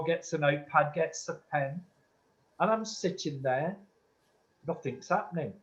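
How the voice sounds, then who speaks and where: Church medium, male, slightly higher voice, earnest and insistent, lo-fi dull recording. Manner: earnest and insistent, calls listeners sweetheart. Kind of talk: church demonstration, answering audience questions. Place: church hall.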